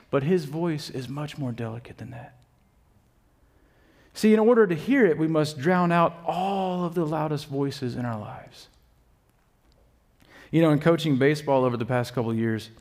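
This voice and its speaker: High-voiced preacher, conversational sermon. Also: male voice. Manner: conversational, rhetorical questions, dips quiet for emphasis. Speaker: preacher and baseball coach.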